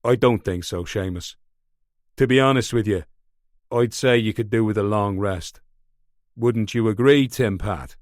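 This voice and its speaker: Narrator doing a smug gang boss, lower gravelly-ish drawl, slow and sneering, audiobook style, dry. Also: male voice, a little mellow, dry recording, lightly acted. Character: older male gangster boss, smug and callous.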